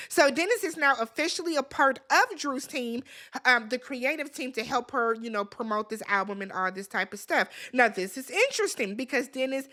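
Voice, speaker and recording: With a fairly high, slightly bright voice, a woman recaps a reality TV show casually, talking directly to viewers and cast members and scolding them in a blunt, sassy, profane way.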